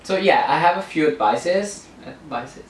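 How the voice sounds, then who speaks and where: A man's voice: a little high, expressive, moderate pace. A man with an Italian accent, a guest in a casual interview who giggles and restarts his lines. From Italy. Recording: echoey room, distant mic, faint noise.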